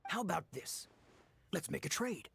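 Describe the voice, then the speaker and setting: An actor playing a sly male odd-job worker who haggles hard, speaking with a put-on Irish accent and a husky voice in a video game. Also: on the high side, very animated, normal speed, fairly bright tone, exaggerated voice. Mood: shrewd haggling. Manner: shrewd, bargaining, sly.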